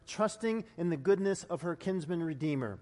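A man preaching a storytelling sermon, animated and prone to stammered restarts. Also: high voice, moderate pace, in a large hall.

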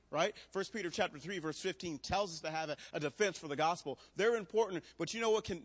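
A man, a pastor, preaching a sermon to a room, moving between loud emphatic preaching and quiet storytelling. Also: fairly high pitch. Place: church room.

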